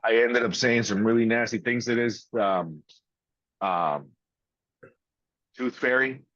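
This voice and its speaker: A man in casual podcast chat, talking bluntly with lots of swearing and drawn-out pauses. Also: mid-range voice, a bit bright, dry recording. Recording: dry, dull lo-fi sound.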